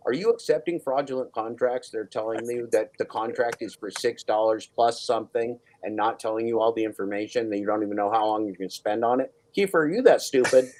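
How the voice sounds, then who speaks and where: Loud badgering man hosting a stream. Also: medium pitch, fairly quick, hardly any pauses. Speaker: livestream host. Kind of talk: mock-serious livestream interrogation.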